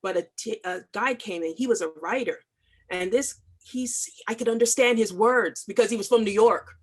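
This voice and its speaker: A woman's voice: mid-range voice, moderate pace, husky. Emphatic middle-aged woman comics artist. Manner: emphatic, impassioned, repetitive for stress. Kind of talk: video call interview.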